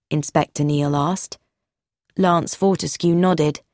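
A woman reading a mystery story aloud as narrator, in an expressive reading style. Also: fairly low pitch, measured pace, dry recording, clean studio sound. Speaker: audiobook narrator. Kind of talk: scripted narration.

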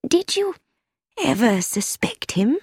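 A woman reading an audiobook, voicing a shrewd, gentle elderly female sleuth in a soft, delicate, hesitant way. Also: sits high, sing-song, slow pace, breathy edge, no room sound, clean studio sound, full character voice. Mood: gentle probing.

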